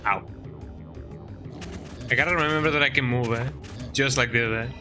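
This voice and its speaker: A man's voice: mid-range voice, moderate pace, over music. A man streaming a game, chatting and joking as he plays, reading in-game text aloud and ending lines with "eh?". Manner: chatty, jokey, tags lines with "eh?". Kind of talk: let's-play commentary.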